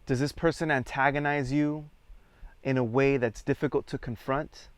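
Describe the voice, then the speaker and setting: A man at medium pitch with a smooth, resonant voice guides a theatre exercise. He speaks calmly and in measured steps, counting the group in. The sound is close and dry. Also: no echo. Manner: calm, measured, counts students in and prompts them. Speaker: theatre workshop leader.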